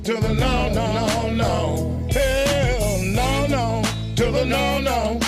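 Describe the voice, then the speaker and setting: A woman playing a sassy woman who flatly and emphatically refuses. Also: on the high side, slow pace, over loud music. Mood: defiant.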